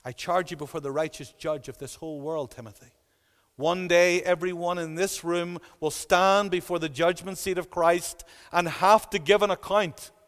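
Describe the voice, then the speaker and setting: An earnest man delivers a sermon, pressing his points home through emphatic repetition. His voice sits high for a man. A long reverb from the church hall trails behind every phrase. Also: steady tone, normal speed, a bit bright. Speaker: preacher.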